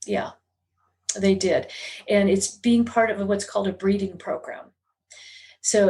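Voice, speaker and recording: A woman's voice: mid-range voice, darkish tone. A middle-aged woman, a guest on an interview podcast, telling a personal story in an earnest, confessional way that is at times emotional. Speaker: guest, psychic medium.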